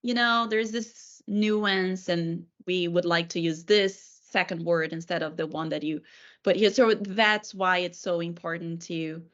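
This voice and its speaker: A chatty woman from Brazil speaks, her voice sitting a little low. She acts out quoted remarks in a loose podcast chat. The audio is slightly muffled. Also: steady tone, moderate pace. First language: Portuguese. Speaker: PR professional, former journalist. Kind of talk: casual podcast discussion.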